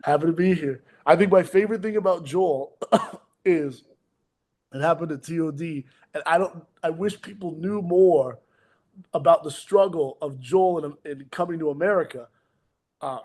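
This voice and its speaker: A man with a fairly high voice talks as a pro wrestler guest on a casual podcast. He tells stories with amused energy and slips into brash, boastful trash talk. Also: moderate pace, darkish tone. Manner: amused, laughing storyteller.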